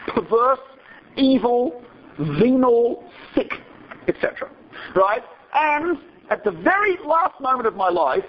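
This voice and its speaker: A high, husky male voice belongs to a rabbi telling a story to his students. He talks in a chatty way, wanders off on side remarks and keeps checking in with a quick "right?". The recording sounds dull and lo-fi. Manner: digressive and chatty, checks in with listeners with rhetorical "right?". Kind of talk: storytelling lecture.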